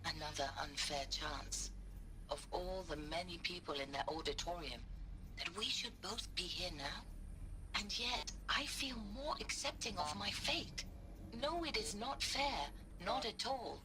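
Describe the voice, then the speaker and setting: A woman voicing a troubled art historian who speaks solemnly and asks measured questions in a game audio log. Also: fairly low pitch, expressive, background noise.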